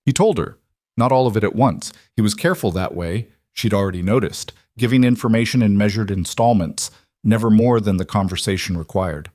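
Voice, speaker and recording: Low-voiced male story narrator. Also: brisk, a little mellow, no room sound, clean studio sound. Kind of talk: scripted audiobook narration.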